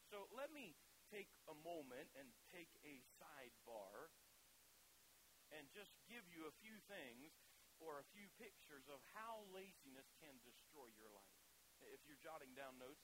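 A pastor preaching a sermon, emphatic and folksy, swinging from loud declarations to quiet conversational asides. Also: male voice, on the high side, background noise. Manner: folksy and conversational, tells humorous anecdotes.

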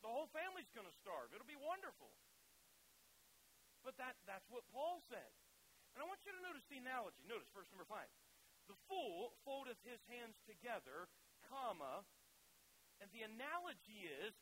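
A man preaching with a high, bright, ringing voice. He drives his points home with emphatic, rising declarations, then drops into quiet, folksy asides and humorous anecdotes. A faint hiss sits under the recording. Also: poor audio. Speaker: pastor. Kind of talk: sermon.

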